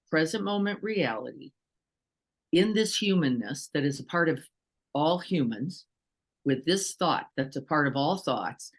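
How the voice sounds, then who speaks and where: A woman teacher giving a relaxed, conversational dharma talk. She speaks with lively energy, poses rhetorical questions to her listeners and slips into quick acted-out voices as she explains. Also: low-pitched. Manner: animated, asks rhetorical questions, acts out quotes. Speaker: meditation teacher.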